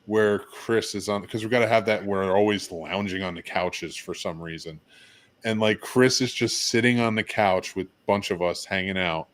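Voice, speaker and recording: Low-voiced joking podcast host. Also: male voice, moderate pace. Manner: loose, joking, profane. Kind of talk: casual chat.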